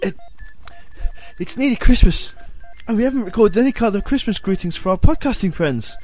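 A man voicing an excitable lab assistant in a comedy audio sketch, talking eagerly and loudly. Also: high-pitched, fairly quick, faint music behind, voice pushed up, rough recording.

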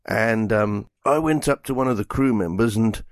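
A man's voice: lowish voice, moderate pace, no echo, studio quality. A man in his fifties chatting casually as a podcast co-host, telling rambling stories and acting out quotes. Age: 50s. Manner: rambling, animated storytelling with acted-out quotes. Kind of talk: casual chat.

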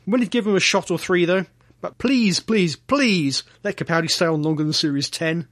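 A man co-hosting a podcast, reading a listener's email aloud in an earnest, measured way. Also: a little high, a bit bright, no echo, clean studio sound. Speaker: podcast co-host.

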